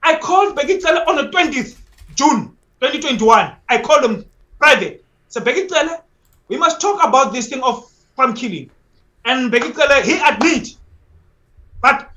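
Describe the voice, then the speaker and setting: Guy, high bright voice, keeps repeating himself, fired up. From South Africa. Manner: urgent and repetitive, restarting phrases, pleading tone. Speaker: activist guest. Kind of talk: impassioned interview on a live stream.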